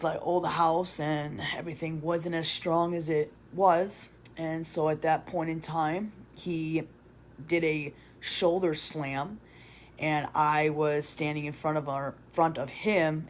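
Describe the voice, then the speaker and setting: Woman, confessional vlogger; flat, even delivery, rambling and blunt. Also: low-pitched, slight background noise. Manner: rambling with many restarts and fillers; blunt, swears casually. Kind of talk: confessional storytelling.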